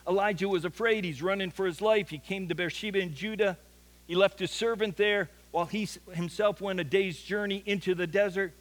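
A man preaching a sermon to his church, with a rather high voice for a man. He tells the story earnestly and doubles back on words when he presses a point. His voice carries a long reverb from a large church hall. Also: brisk. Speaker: pastor.

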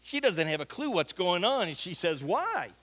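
A man's voice: high-pitched, sing-song, moderate pace, fairly bright tone. A middle-aged man, a pastor, telling a folksy anecdote during a sermon. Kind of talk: sermon storytelling.

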